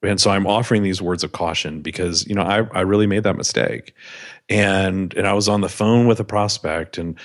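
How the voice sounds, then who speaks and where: Candid low-voiced man telling business stories. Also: fairly even intonation, brisk. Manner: candid, self-deprecating anecdotes. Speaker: business owner guest. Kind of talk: podcast interview storytelling.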